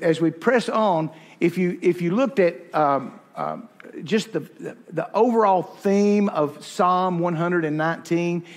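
With a high voice echoing under a long reverb tail, a man delivers a church sermon full of personal anecdotes. He comes across as homespun and self-deprecating, using humor as he recounts his stories.

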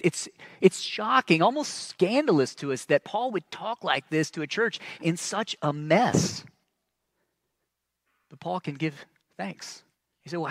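A man preaching a sermon as pastor, earnest and emphatic, with frequent restarts and phrases that trail off soft and low. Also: dry recording, studio quality.

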